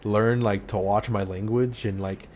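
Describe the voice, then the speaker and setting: A man's voice: on the low side, steady tone, unhurried, a little mellow, slight background noise. A man hosting a casual talk show from home, swearing freely and rambling with lots of fillers. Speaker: podcast host. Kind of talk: casual chat. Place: home room.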